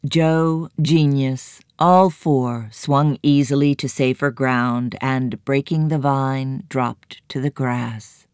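A woman narrating a children's story in a measured, expressive reading. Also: extremely low pitch, clean tone, no room sound, studio quality.

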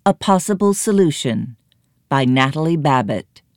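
A woman narrating a children's story in a measured, expressive reading. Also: low voice, dry recording, clean studio sound.

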